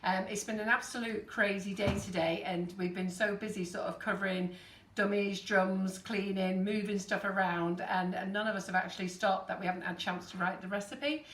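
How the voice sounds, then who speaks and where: A woman's voice: mid-range voice, fairly even intonation, moderate pace, a bit bright. A woman in her fifties hosting a live baking stream, chatting with viewers. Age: 50s. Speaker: host. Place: busy studio kitchen. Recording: echoey kitchen, distant mic, faint noise.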